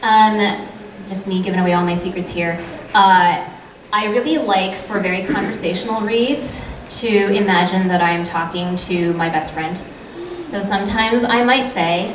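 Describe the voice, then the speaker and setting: A woman's voice: mid-range voice, moderate pace, slight background noise. A woman voice actor on a convention panel, chatting about her craft and giving practical tips. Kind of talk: panel talk. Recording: echoey hall, mic from far off.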